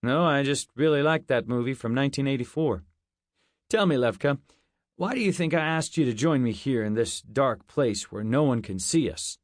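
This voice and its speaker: A smug, scheming American commander with an American accent, voiced by a male narrator. He talks in a smooth, sly drawl at a middle pitch. Dry, close recording. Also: normal speed, dry recording, natural voice.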